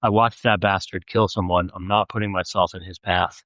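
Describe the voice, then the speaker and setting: A man's voice: sits low, fairly even intonation, normal speed, fairly bright tone, no echo, lo-fi sound. A man reading an audiobook, voicing a sardonic, scared young man with a dry, sarcastic delivery. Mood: dark.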